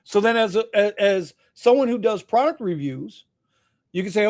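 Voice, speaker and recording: A man's voice: high-pitched, animated, normal speed. A man hosting a casual livestream chat, loose and jokey, throwing in "bro" and laughing often. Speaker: host.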